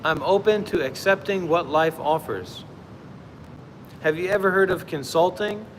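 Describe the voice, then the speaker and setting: A man with a fairly high voice gives a meditation teacher's livestream talk. His speech is casual and rambling, full of fillers and small restarts. A faint hum of background noise sits under the voice. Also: lively intonation, unhurried, in a large hall, rough recording. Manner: chatty, rambling, with many fillers.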